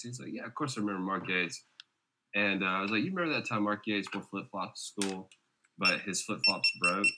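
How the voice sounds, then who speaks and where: A man from Georgia co-hosting a casual podcast, a laid-back storyteller with deadpan jokes. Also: sits low, heavy background noise. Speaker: podcast co-host. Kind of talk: casual chat.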